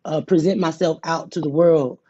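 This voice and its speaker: A woman's voice: deep voice, fairly even intonation, moderate pace, mellow, husky. A woman co-hosting a casual chat, speaking candidly, laughing often and stammering into her points. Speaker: co-host. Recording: dull lo-fi audio.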